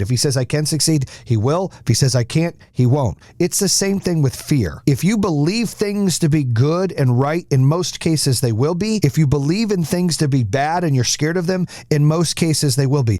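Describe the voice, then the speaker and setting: A middle-aged male podcast host speaks in a voice of ordinary pitch, blunt and fired-up as he lectures on mindset and business. He swears freely and drives each point home. The sound is dry, with almost no room around it. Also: no room sound. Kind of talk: motivational podcast talk.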